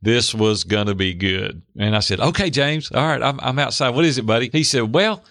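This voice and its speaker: A middle-aged man telling a personal story in an interview, lively, acting out the voices of the people in it. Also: medium pitch, a little fast, no room sound, studio quality. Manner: animated, acts out quoted voices. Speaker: guest. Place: Hendersonville near Nashville.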